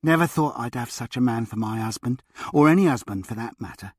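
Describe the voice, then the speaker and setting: A man's voice: mid-range voice, expressive, brisk, no echo, clean studio sound, natural voice. A man voicing a grateful, self-effacing young housemaid who gushes. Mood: effusive.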